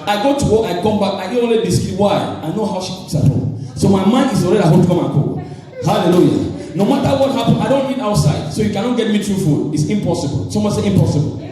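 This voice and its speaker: A high-pitched African pastor preaches with lots of ups and downs, prodding the congregation to shout back. His voice has a warm, mellow tone. The mic sits well away from him, in a hall that rings with heavy echo. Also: fast, far from the mic. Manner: animated, calls on the congregation to respond. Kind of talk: sermon.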